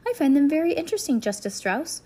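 A woman's voice: sits high, big pitch swings, fast talker, dark tone, voice pushed up. Woman voicing a worried, clever teenage girl. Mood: earnest.

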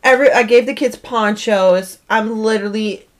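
A woman in her thirties, a podcast co-host, telling a family story in a lively, laughing way. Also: normal speed. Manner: animated, laughing, voice jumps high when excited. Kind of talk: casual storytelling chat.

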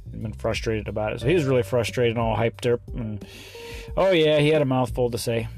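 Male trucker, mid-pitched, rambling casual vlog talk, faint music behind. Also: steady tone, gravelly, a little mellow. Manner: rambling, chatty, halting restarts. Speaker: truck driver. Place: truck stop.

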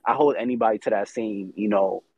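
A man's voice: lowish voice, brisk, dry recording. Young man co-host, rambling and hesitant, slightly muffled dry recording. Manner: hesitant, rambling, many fillers. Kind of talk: casual chat.

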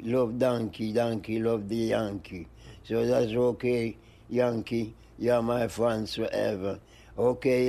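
An older man, an interview guest, rambling in slow looping phrases and breaking into high-pitched animal noises. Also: creaky, warm tone. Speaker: interview guest, music producer. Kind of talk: rambling stream-of-consciousness chat.

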